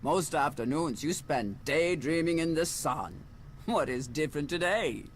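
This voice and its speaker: Guy voicing a video game sister who sounds old, slow and measured, faint hiss. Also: a little high, expressive. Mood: wistful. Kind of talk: game character dialogue.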